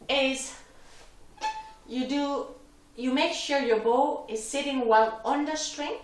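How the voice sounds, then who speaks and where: A woman's voice: high-pitched, fairly bright tone, distant mic. A woman teaching a violin lesson, patiently explaining step by step with small slips in her wording. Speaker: violin instructor. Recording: roomy echo, voice from off the mic, violin playing.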